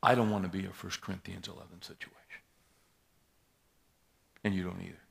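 A man's voice: deep voice, fairly even intonation, a little fast, creaky, a bit bright, breathy edge. A man in his sixties preaching a sermon, telling a story and acting out a tense confrontation with rising force. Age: 60s. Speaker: pastor.

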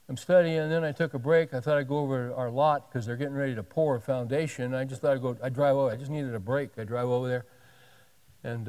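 A man's voice: mid-range voice, a little mellow, in a large hall. A male pastor telling a story in a sermon, animatedly acting out the dialogue of the people in it.

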